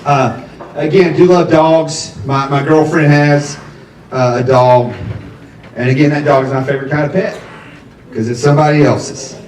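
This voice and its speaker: A man doing a stand-up comedy set at a coffee shop, telling stories with drawn-out punchlines. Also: on the high side, steady tone, darkish tone, distant mic, a little hiss or hum. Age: 50s. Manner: conversational storytelling with drawn-out punchlines. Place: coffee shop with a live audience. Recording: echoey room, voice from off-mic.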